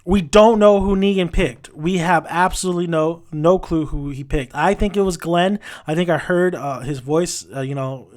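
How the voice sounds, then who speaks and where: Man, fairly high voice, ranting, frustrated, casual review, lots of restarts. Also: moderate pace, hardly any pauses. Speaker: TV show reviewer.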